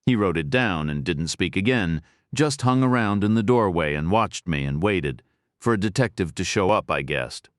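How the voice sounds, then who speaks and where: In a very low voice and at normal speed, a man reads a first-person thriller audiobook, steady and matter-of-fact. The sound is close and dry, with no echo or room sound.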